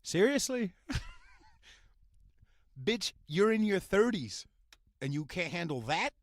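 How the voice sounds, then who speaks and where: A man hosting a podcast, delivering a crude, profane rant that swings between mumbling and shouting. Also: high-pitched, big pitch swings, takes it slowly, no echo, studio quality. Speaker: podcast host. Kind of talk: profane ranting monologue.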